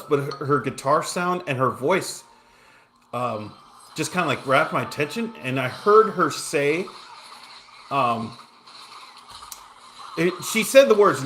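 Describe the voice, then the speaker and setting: While gaming, this streamer spins out a lengthy personal tale, restarting often, wandering into asides and making fun of himself. He sounds a little high and a bit bright, with slight background noise behind him.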